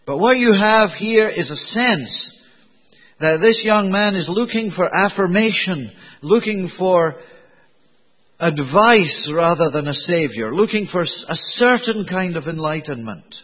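A man preaching a sermon in a conversational, digressive way, with a slightly husky voice. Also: high voice, expressive, a little slow. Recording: dull lo-fi recording in a reverberant hall.

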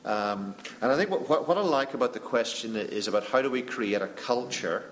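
A man moderating a panel discussion, reflective and earnest, often pausing and restarting. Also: medium pitch, animated, slight background noise.

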